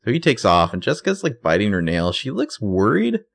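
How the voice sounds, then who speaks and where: A man's voice: on the low side, wildly swooping pitch, brisk, creaky, no room sound. A man co-hosting a podcast, recapping a TV episode in laid-back, jokey casual chat.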